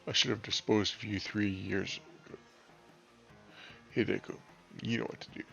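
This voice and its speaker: A menacing male boss , voiced by a man reading a game, speaks in a low, gravelly register. His clipped threats are delivered coldly and flatly. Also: moderate pace, dull audio, soft background music.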